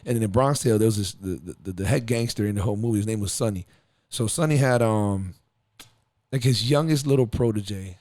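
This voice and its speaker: A man's voice: lowish voice, a little fast, no echo. A man hosting a podcast, chatting casually and telling stories in a rambling, profane way. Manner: rambling, profane, animated storytelling. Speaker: podcast host. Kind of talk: casual chat.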